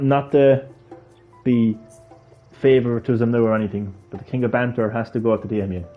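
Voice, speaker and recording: A man's voice: lowish voice, highs cut off. Sweary man ranting on a game stream. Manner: ranting, sweary, mock-outraged. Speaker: gaming streamer. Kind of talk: casual live-stream chat. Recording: game music faint behind.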